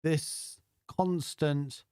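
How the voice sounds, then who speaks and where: A man's voice: on the high side, fairly even intonation, drawn-out words, warm tone, clear, resonant tone, dry recording, studio quality. A man hosting a livestreamed guided meditation, chatting unhurriedly and greeting viewers by name before he begins. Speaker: meditation teacher.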